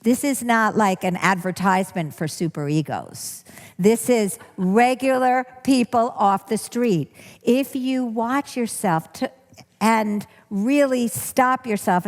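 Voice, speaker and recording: A woman teacher speaking to an audience at a middle pitch, earnest and conversational. She often circles back and rephrases her point. Her voice carries a long hall reverb. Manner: earnest, rephrases and repeats for emphasis. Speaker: workshop teacher. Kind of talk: talk to an audience.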